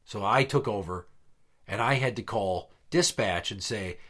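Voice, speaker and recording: A man's voice: on the low side, a little slow, a bit bright. A man hosting a podcast, telling a long story in a blunt, profane, exasperated way. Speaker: podcast host. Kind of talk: casual storytelling chat.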